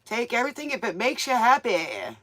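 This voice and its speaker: This smoky-voiced woman, a tarot reader and DJ host, rambles in a folksy way while reading tarot for viewers on a casual live show. Her voice is fairly high and bright with a forceful tone, brisk pacing, and huge swings in pitch.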